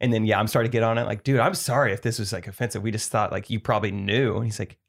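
A young man co-hosting a podcast, telling stories in a lively, animated, casual way. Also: on the low side, rapid-fire, gravelly. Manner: animated storyteller, laughs often. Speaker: podcast co-host. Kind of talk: casual chat.

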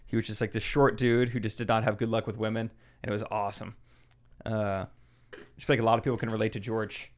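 A man's voice: fairly low pitch, flat delivery, quick pace. Easygoing young man chatting on a podcast. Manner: easygoing, rambling explanations. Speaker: podcast co-host. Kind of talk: casual chat.

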